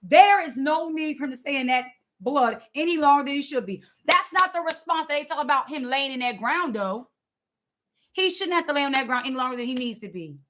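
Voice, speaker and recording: A woman's voice: high voice, expressive, fairly quick, noisy background. A woman giving impassioned, preachy commentary, stressing her points and repeating words as she builds.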